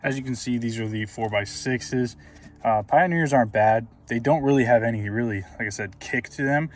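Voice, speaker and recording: A man's voice: medium pitch, moderate pace. Chatty man filming a garage car project. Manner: loose and chatty, many ums and restarts. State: out of breath from working. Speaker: car channel host. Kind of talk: casual DIY car vlog. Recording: distant mic with faint background noise.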